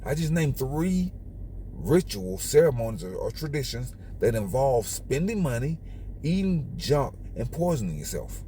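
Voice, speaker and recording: A man's voice: medium pitch, very animated, measured pace, warm tone, slight background noise. A man hosting his own channel, lecturing viewers in a preachy, repetitive monologue. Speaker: channel host.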